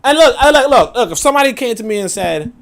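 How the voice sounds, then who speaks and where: A man hosting a casual livestream, reacting to a video and chat with profane, animated talk, laughing asides and lots of fillers. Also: extremely high pitch, quick pace, vocal fry.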